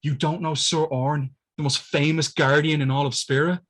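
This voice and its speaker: A man voicing an excitable, starstruck young male video game character, high and loud. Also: moderate pace.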